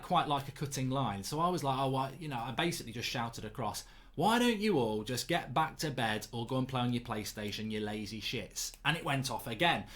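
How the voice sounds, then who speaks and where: A man in his thirties telling cheeky, animated anecdotes in a casual chat, throwing in mocking jibes. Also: medium pitch. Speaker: podcast host. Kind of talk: casual storytelling.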